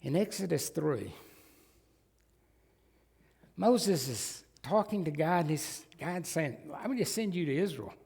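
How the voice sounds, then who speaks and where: A Southern-accented male pastor preaches slowly and deliberately, his fairly high voice swinging up and down with lively emphasis. He is folksy and emphatic and slips in joking asides. A long church-hall reverb trails after each phrase. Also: gravelly, slightly rough. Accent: Southern American. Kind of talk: sermon. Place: church sanctuary.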